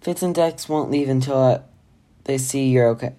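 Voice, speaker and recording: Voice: mid-range voice, normal speed, natural voice. A kind, fretful healer, as the reader voices him. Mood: reassuring. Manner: gently reassuring, a bit fretful. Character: kind fussy male healer, wild-haired.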